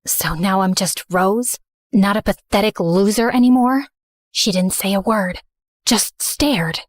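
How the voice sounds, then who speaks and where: A woman narrating a scripted animated story in first person, earnest and remorseful. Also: medium pitch, unhurried, no echo.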